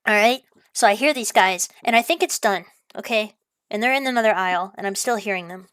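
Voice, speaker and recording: A woman's voice: a little high, fairly quick, a bit bright, no room sound, clean studio sound. A woman delivering an exasperated, profane rant, repeating herself as she vents. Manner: exasperated, profane, repetitive ranting. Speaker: ranting vlogger. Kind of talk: angry rant monologue.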